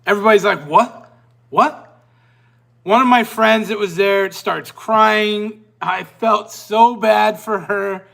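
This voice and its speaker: High, gravelly-voiced man telling a story. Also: measured pace, few pauses. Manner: animated, rambling, self-interrupting. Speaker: podcast host. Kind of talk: casual storytelling.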